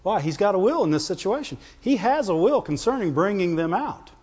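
Man preaching a lively sermon. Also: brisk, husky, long reverb tail, muffled recording. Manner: lively, rising to high emphatic peaks when voicing God.

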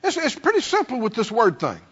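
A man's voice: very high voice, huge pitch swings, brisk, fairly bright tone, husky. A man preaching a sermon as pastor, calling out to the congregation and acting out complaining voices. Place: church sanctuary. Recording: dull sound, long hall reverb.

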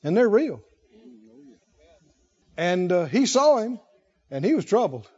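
Male preacher, very high voice, slow and lively sermon, lo-fi church tape. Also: breathy edge. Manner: animated, exhorting, laughs often.

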